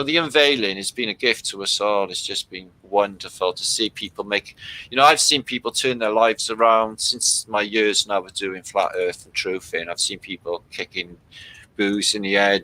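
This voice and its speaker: Male streamer, bright-toned, loose and sweary, talks straight to chat. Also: lowish voice, rough recording. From Britain. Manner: rambling, sweary, reads out chat comments. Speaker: livestream host. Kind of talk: casual livestream chat with viewers.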